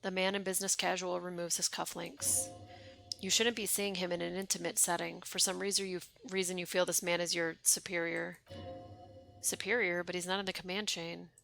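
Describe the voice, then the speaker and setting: A woman's voice: lowish voice, flat delivery, moderate pace, creaky, a bit bright, faint music behind. A young woman streaming a game, chatting wryly and reading its dialogue aloud. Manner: chatty, wry, reads game text aloud.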